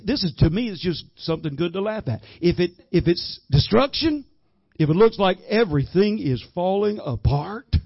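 A middle-aged man preaching a lively sermon, laughing often as he leads holy laughter. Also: high voice, no room sound, highs cut off. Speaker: guest minister. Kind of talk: Pentecostal-style sermon leading holy laughter.

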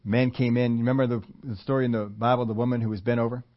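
A man preaching a sermon in a conversational storytelling way, laughing between points and rising into loud emphatic quotes. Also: medium pitch, flat delivery, fast, dull audio. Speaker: pastor.

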